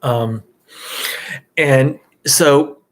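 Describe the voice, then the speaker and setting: A male meditation teacher with a mid-range voice speaks very slowly in a loose, conversational dharma talk. He's an easygoing storyteller, relaxed and peppered with "you know" and "right?"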